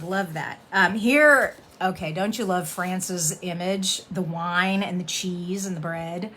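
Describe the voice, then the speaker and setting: A middle-aged woman hosting a casual card-making tutorial, chatting warmly and laughing as she reads sayings aloud. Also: mid-range voice, unhurried, hardly any pauses, slight background noise.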